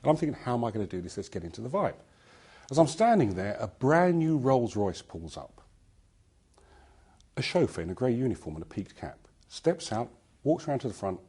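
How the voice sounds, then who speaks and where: A man giving a talk, telling a personal story in a lively storytelling manner. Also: fairly low pitch, slightly rough. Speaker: conference speaker.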